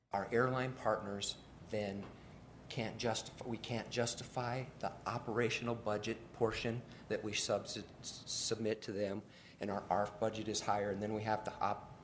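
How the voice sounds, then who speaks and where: A man, an airport official, giving halting testimony full of restarts at a city committee meeting in a council chamber. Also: lowish voice, slight background noise. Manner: halting, with many restarts and repeated words.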